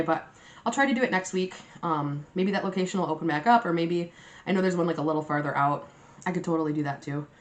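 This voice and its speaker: A chatty young woman with a low voice, a mukbang vlogger, tells a casual story to the camera. She's animated, swears freely and laughs a lot, and the room sounds roomy and echoey.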